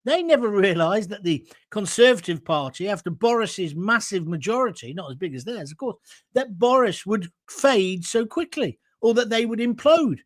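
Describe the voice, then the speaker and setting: Guy ranting about politics, sarcastic, really animated voice. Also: high-pitched, normal speed. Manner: combative and sarcastic. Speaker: host. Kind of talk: political opinion rant.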